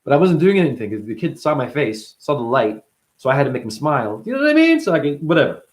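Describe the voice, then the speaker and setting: Animated, swearing man rambling freely. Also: mid-range voice, fast. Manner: profane, playful, acts out voices of others. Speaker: spiritual teacher. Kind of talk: rambling spoken monologue.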